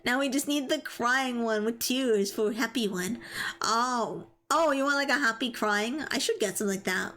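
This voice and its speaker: A woman's voice: a little high, moderate pace, a bit bright. Giggly chatty young woman streamer. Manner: giggly, chatty, reads chat aloud. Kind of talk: casual live-stream chat.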